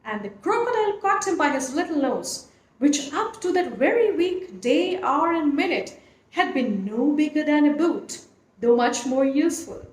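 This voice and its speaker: A woman reading a classic animal story aloud, with an expressive, lilting storyteller's manner. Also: sits high, moderate pace. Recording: echoey room, faint noise.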